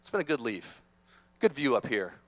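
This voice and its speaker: A man voicing a worn-out caterpillar that quietly accepts its end during a motivational talk. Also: medium pitch, sing-song, moderate pace, pitched below the performer's own voice. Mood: wistful. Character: worn-out caterpillar resigned to dying.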